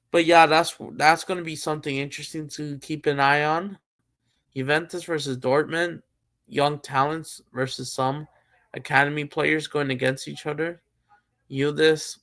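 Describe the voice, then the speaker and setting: A man's voice: fairly high pitch, creaky, sharp tone. A man hosting a live stream, chatting casually about football and thinking aloud with many fillers and restarts. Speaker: streamer host.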